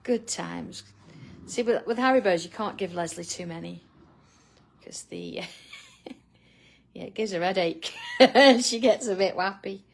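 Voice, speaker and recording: A middle-aged woman with a mid-range voice and vocal fry hosts a live drawing tutorial at a moderate pace. She chats casually with viewers by name and laughs often.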